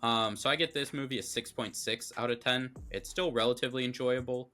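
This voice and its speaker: A man's voice: medium pitch, fairly even intonation, brisk, pushed and bright. A man co-hosting a movie review show, chatting casually and giving blunt, opinionated takes full of fillers.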